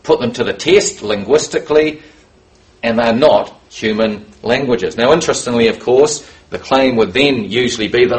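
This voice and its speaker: A man delivers a sermon at a medium pitch, reading scripture passages aloud. He lingers on key words and lifts his voice for emphasis. His pacing is deliberate and teaching in tone. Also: low-quality recording. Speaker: preacher.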